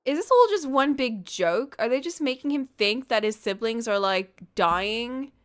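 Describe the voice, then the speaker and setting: A woman's voice: on the high side, animated, unhurried. Chatty young woman streamer. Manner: chatty, filler-heavy, emphatic. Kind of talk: casual gameplay reaction.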